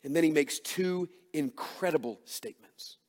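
A man's voice: fairly high pitch, normal speed. Man preaching in a reverberant hall. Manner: emphatic, rhetorical questions, swings between hushed and loud. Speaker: pastor. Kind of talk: sermon.

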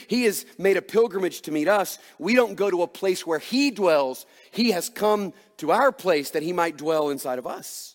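A man's voice: high-pitched, animated, moderate pace, hardly any pauses. Earnest preaching man in reverberant church. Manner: earnest, emphatic preaching with rhetorical questions. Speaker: pastor. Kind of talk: sermon.

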